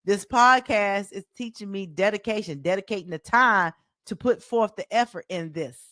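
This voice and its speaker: A woman with a Southern US accent hosting her own coaching podcast, talking in an animated, folksy way and repeating phrases like a preacher. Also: mid-range voice, normal speed, no echo, clean studio sound. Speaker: life coach and podcast host. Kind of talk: solo motivational podcast talk.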